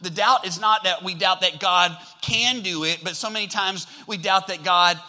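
A man's voice: sits high, moderate pace, pushed and bright, low-quality recording. A male pastor preaching a sermon with energy, drawing the congregation in with call-and-response prompts.

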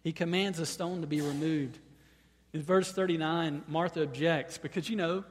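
A man preaching a sermon. He often repeats words as he starts a phrase, and at times he rises to loud, high-pitched proclamation. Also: steady tone, moderate pace, big-room sound. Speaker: pastor.

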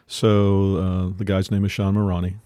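A man hosting a casual conversation, telling a story with many pauses and fillers. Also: low voice, monotone, dark tone, dry recording, studio quality.

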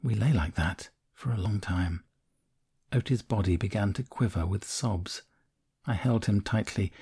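Husky, low-voiced male narrator. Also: darkish tone. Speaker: memoir narrator. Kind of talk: first-person audiobook narration.

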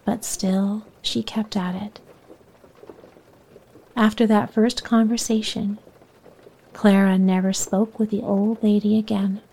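A woman reading a children's bedtime story aloud in a soft voice that often sinks near a whisper. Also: mid-range voice, little pitch movement, slow, long pauses, slight background noise, poor audio.

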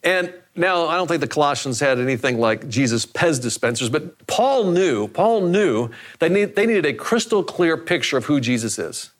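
A man's voice: a little high, big pitch swings, normal speed, hardly any pauses. Conversational male pastor preaching. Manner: conversational preaching with repetitions for emphasis. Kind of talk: sermon.

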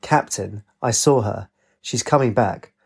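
A man with a husky voice playing a terse, stoic male warrior in a storybook reading. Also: lowish voice, unhurried, heavily acted.

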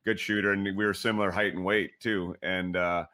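A man's voice: deep voice, level tone, noisy background. A man hosting a casual interview, a former hockey player, chatty with many fillers. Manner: quick, conversational, filler-heavy.

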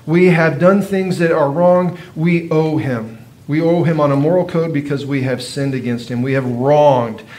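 A man with a slightly higher voice delivers a sermon. He teaches in a loose, conversational way, often turning to his listeners with rhetorical questions. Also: moderate pace, a little mellow. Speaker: pastor.

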